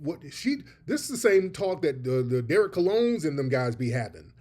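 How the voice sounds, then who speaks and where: Male host, pointed emphatic commentary, a little higher voice. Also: big pitch swings, moderate pace, a little mellow. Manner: emphatic, addresses audience as family. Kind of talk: commentary on played clips.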